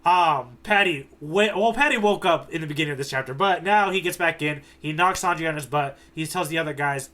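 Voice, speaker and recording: A man's voice: on the high side, a little fast, few pauses, bright, forceful tone. A man co-hosting a podcast, animatedly retelling a manga chapter in casual chat and acting out the quoted lines. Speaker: podcast co-host.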